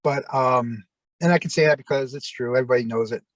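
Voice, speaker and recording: A former wrestler as an interview guest, telling long rambling anecdotes with lots of fillers and acted-out quotes. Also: male voice, medium pitch, quick pace, no echo, rough recording. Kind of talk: casual storytelling.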